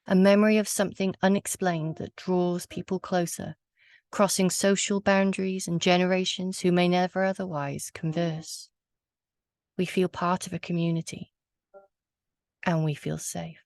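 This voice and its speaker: A woman storyteller on a video call, telling a folk tale slowly and softly, lingering on words. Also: lowish voice, flat delivery, dry recording, clean studio sound. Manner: soft, hushed, lingering on words. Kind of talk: slow atmospheric storytelling.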